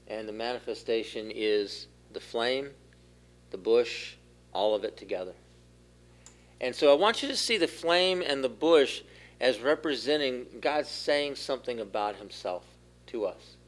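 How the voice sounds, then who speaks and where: A man giving a sermon as pastor, asking the congregation questions and growing louder at the key points. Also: medium pitch, lively intonation, a little slow. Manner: asks the room questions, rises in force for key points. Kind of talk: interactive sermon.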